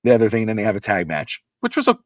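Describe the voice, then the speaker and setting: A man co-hosting a casual podcast, rambling and animated, acting out quotes, with a slightly irritated throat. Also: lowish voice, very fast, dry recording, clean studio sound. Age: adult with a child. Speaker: podcast co-host.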